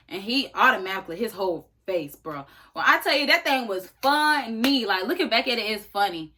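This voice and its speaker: A young woman vlogger telling a story in a casual, animated, slangy way, speaking straight to her viewers. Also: fairly high pitch, brisk, hardly any pauses.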